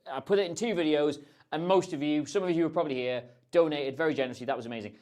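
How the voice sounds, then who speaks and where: A man's voice: a little high, rapid-fire, darkish tone. Chatty rambling male livestream host. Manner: chatty, rambling, self-deprecating. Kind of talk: casual livestream chat answering questions.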